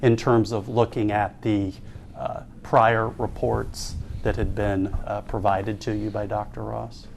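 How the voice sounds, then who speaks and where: A man's voice: fairly low pitch, flat delivery, a little slow, gravelly, slight background noise. A man questioning a witness in a deposition, precise and probing.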